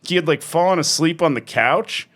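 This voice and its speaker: Animated, swearing male podcast host. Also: a little high, normal speed. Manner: animated storyteller, acts out quotes loudly, swears a lot. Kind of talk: casual chat.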